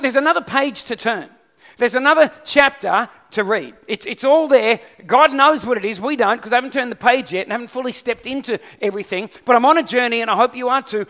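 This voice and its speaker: A male pastor preaches in a bright, forceful tone, his high voice ringing with a long hall reverb. He keeps the sermon lively and keeps asking the congregation questions. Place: church hall.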